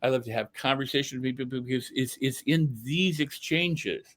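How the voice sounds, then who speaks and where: Older man, podcast guest, candid storytelling, earnest, emphatic repetition, mid-pitched voice. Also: normal speed. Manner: earnest, animated, repeats phrases for emphasis. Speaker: podcast guest, self-help speaker.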